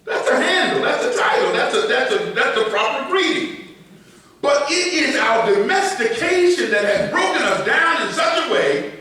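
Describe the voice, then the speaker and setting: A middle-aged pastor preaching a sermon, swinging between loud emphasis and quiet asides. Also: male voice, extremely high pitch, very animated, moderate pace. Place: church sanctuary. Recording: echoey church, voice from a distance.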